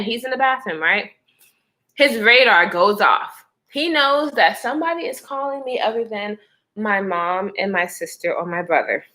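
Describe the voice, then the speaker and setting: A pregnant woman chatting to her viewers, telling a personal story in a lively, expressive way. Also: on the high side. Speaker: vlogger. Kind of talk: casual storytime chat.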